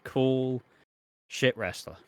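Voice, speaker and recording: A man's voice: medium pitch, very slow, a crowd in the background. A man co-hosting a casual wrestling podcast, laid-back, swearing freely and trailing off with ums. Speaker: podcast co-host. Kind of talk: casual chat about wrestling.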